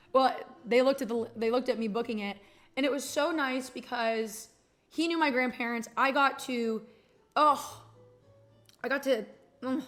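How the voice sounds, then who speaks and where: A young woman from Texas talks to her stream in a loose, rambling way. Her voice sits a little high, and she swears casually while getting tender and emotional. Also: fairly bright tone. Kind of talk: casual chat.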